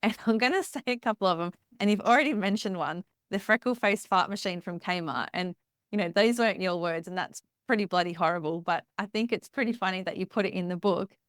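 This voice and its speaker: A woman, hosting a podcast interview in a relaxed, amused, chatty way. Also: medium pitch, a little fast, no echo, studio quality. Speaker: podcast host. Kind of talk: casual interview chat.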